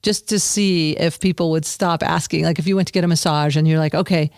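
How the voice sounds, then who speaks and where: A woman's voice: low voice, fairly even intonation, fairly quick, a little mellow, no echo, clean studio sound. A woman hosting a comedy podcast, chatting casually with her guest, joking and laughing often. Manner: playful, laughs often, riffs on jokes. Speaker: podcast host. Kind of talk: casual conversational interview.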